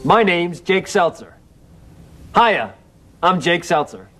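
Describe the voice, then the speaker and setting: A man with a high voice runs through greeting after greeting at a slow, deliberate pace, each one a scripted self-introduction. Music plays in the background of the recording. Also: big pitch swings, a bit bright. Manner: repetitive, varied greetings. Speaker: presenter practicing introductions.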